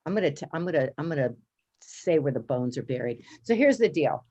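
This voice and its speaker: A woman guest in an interview, telling her story in a lively, animated way and acting out the quotes with big jumps in pitch. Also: brisk, husky.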